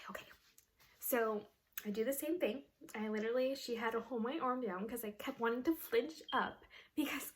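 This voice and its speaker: Chatty young woman, bright voice. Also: fairly high pitch, slight background noise. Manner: animated, laughing often, full of "like". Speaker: vlogger. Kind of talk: casual storytelling vlog.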